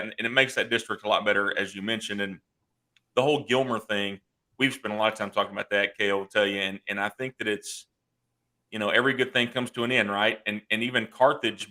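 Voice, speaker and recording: A man co-hosting a sports show, talking in an excitable way with frequent restarts. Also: lowish voice. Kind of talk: casual sports talk.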